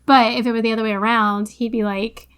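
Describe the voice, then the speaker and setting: A woman co-hosting a podcast, reacting quickly and chiming in with her own takes in casual chat. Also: on the high side, flat delivery, fairly bright tone, smooth. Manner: responsive listener, quick reactions. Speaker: podcast co-host.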